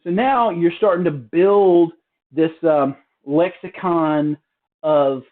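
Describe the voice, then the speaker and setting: A man giving a relaxed, casual drum lesson from a hotel room, explaining with fillers and restarts. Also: on the high side, takes it slowly, phone-quality sound. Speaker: drum teacher. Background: drum practice pad.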